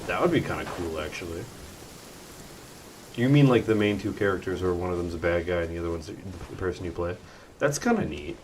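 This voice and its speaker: A man's voice: low-pitched, expressive, fairly quick, slight background noise. Joking young man commentating gameplay. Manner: joking, slangy. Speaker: gaming streamer.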